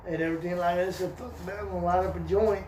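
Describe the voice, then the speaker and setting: A man's voice: sits high, steady tone, fast, darkish tone, far from the mic. An older man from Oklahoma in casual, profane, rambling chat. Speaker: stream host. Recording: echoey room, voice from off mic, faint noise.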